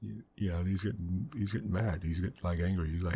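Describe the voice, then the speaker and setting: Hushed deep-voiced man, soft ASMR gaming. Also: fairly even intonation, fast talker, vocal fry, few pauses, husky. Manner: rambling storyteller, many "you know" fillers; quiet, hushed delivery. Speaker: gaming channel host.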